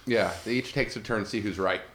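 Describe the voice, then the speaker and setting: A man's voice: lowish voice, fast talker, fairly bright tone. A man co-hosting a radio show, dropping dry joking asides. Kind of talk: casual chat. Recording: roomy echo.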